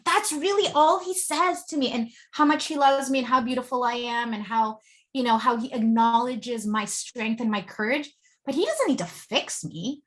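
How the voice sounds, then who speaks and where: Woman relationship coach, fairly high voice, animated storyteller full of fillers, interview guest. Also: moderate pace.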